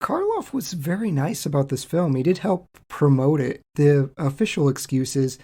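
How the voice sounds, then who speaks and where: A man co-hosting a podcast, recounting things in a relaxed, chatty way. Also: a little high, normal speed, few pauses. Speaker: co-host. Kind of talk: casual podcast discussion.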